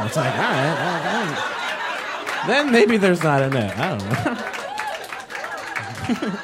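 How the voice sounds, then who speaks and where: A male stand-up comedian with a high voice performing a live set. His pitch swings widely as he puts on voices for the characters in his bits. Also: normal speed, long pauses, crowd noise. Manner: animated, acting out quoted characters in higher voices. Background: audience laughter.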